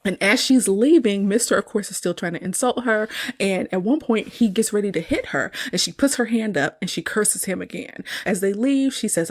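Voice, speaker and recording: A woman's voice: medium pitch, normal speed, darkish tone. Woman podcast host retelling a movie scene, chatty, laughy, says y'all a lot. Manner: chatty, laughs often, addresses listeners as y'all. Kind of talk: casual film review recap.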